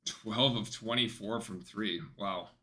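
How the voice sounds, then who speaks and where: A man at home giving casual, excitable live play-by-play commentary on a basketball game for his stream. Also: on the low side, takes it slowly. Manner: chatty, excitable, breaks off to talk softly to his dog.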